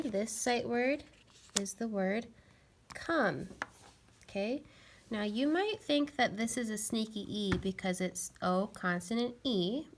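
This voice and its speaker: A woman's voice: medium pitch, vocal fry, slight background noise. A woman teaching a phonics lesson to young children, patiently sounding out letters and words.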